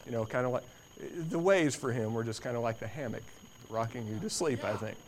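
A male preacher delivering a sermon at a medium pitch. He presses his points by repeating phrases. His voice drops low and quiet, then climbs into loud, dramatic stretches. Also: fairly quick, slight background noise. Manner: emphatic, repeating phrases for stress.

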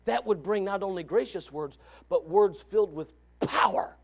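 A man preaching a sermon, moving from quiet asides to shouted exclamations and reading scripture aloud. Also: sits high, moderate pace, creaky. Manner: reads scripture in old-fashioned wording. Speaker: pastor. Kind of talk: fiery sermon.

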